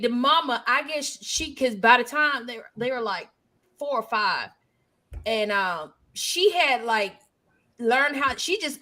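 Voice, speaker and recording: Sex: woman. Role: podcast host. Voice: high-pitched. Style: casual chat, animated storytelling with quick asides.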